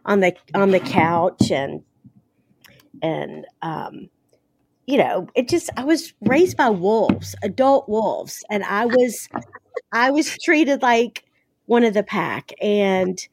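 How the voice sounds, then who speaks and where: A woman's voice: mid-range voice, animated, slow, creaky, a little mellow, breathy edge, no room sound. A woman from the American South, an author being interviewed, talking casually with blunt, salty humor and lots of fillers. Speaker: author guest.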